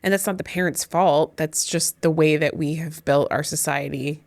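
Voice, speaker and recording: A woman and former teacher co-hosting a casual podcast, talking in an expressive, ranting way. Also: low-pitched, vocal fry. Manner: expressive, ranting, quick laughs.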